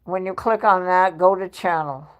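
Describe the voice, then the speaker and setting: A woman's voice: lowish voice, normal speed, lo-fi sound. A woman hosting a casual home livestream, chatty and laughing often as she reads her chat aloud. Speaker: livestream host. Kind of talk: casual live-stream chat.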